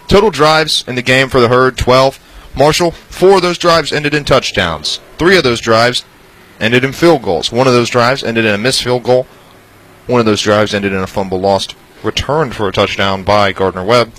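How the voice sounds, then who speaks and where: A man's voice: lowish voice, poor audio. A man analysing a football game, methodically listing drive results and stats. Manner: methodical, lists stats, trails off softly. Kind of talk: postgame stats rundown.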